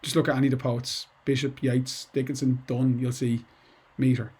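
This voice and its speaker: A man's voice: medium pitch, flat delivery, moderate pace, dark tone, husky. Chatty, digressive male English teacher. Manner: chatty and digressive, with asides and restarts. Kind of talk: informal lesson to students.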